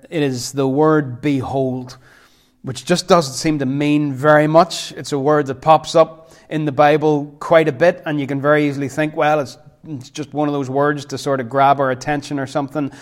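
A man preaching a sermon as pastor, impassioned, repeating phrases for emphasis and dropping to quiet intensity. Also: fairly high pitch.

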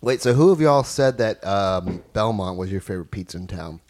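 A man's voice: fairly low pitch, lively intonation, normal speed, darkish tone. A man in a casual food-review chat with friends, talking loosely with teasing, profane banter.

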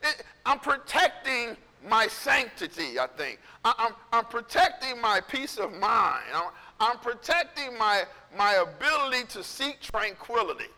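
Man, pastor, conversational storytelling sermon, animated, ringing sharp voice. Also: extremely high pitch, unhurried, few pauses, long reverb tail. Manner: animated, conversational, acts out quotes.

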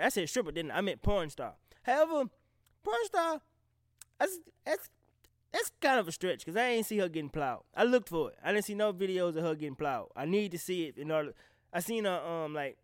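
Man from the South, blunt profane commentary, casual and animated, fairly high voice, dry close sound. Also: clean tone, no echo. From American South. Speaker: vlogger reacting to rap beef.

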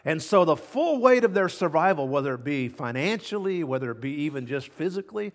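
A man preaching a sermon as pastor, emphatic, repeating key words and swinging between loud and hushed. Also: a little high, big pitch swings, moderate pace. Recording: long hall reverb.

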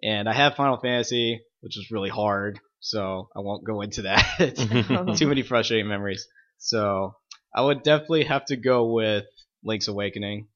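Relaxed man guest on a podcast. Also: lowish voice, moderate pace, muffled recording. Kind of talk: casual chat.

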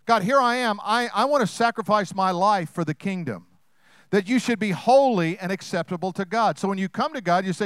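A pastor delivers a sermon in a high, smooth, resonant voice, brisk and lively, in a conversational style that slips into acted-out voices. The sound is close and dry, with no room sound.

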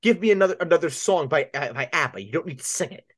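A man's voice: fairly high pitch, expressive, fast, dry recording, clean studio sound. A man co-hosting a casual fantasy football podcast, teasing his partner in a playful way. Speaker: podcast co-host.

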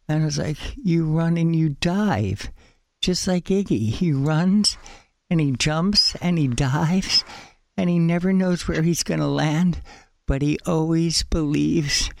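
A man being interviewed, telling rambling, excited stories, a little out of breath. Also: medium pitch, creaky, no echo, clean studio sound. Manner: enthusiastic, rambling, says "dude" a lot. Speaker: guest, store owner. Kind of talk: animated storytelling interview.

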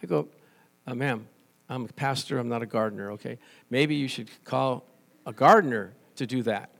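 A man preaching a sermon as pastor, animated and conversational, telling stories and restarting phrases. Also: medium pitch, normal speed, creaky.

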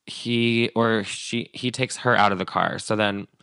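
A male podcast host with a low, gravelly voice, rambling through a story in casual chat full of fillers. The recording is dry and close, with no room sound. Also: steady tone, measured pace, bright, forceful tone, dry recording.

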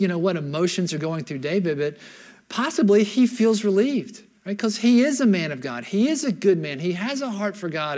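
A man preaching a sermon as a pastor, retelling scripture as an animated story in casual everyday words and often checking in with his listeners. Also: high voice.

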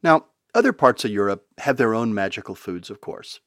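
Older man, low voice, dry recording, wry storytelling, conversational. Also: big pitch swings, moderate pace, a bit bright, no room sound. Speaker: podcast storyteller. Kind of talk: storytelling narration.

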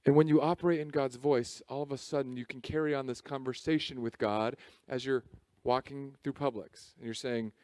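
A man preaching a sermon as pastor, in a lively, conversational way with jokes. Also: medium pitch, fairly quick, no room sound, studio quality. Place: church service.

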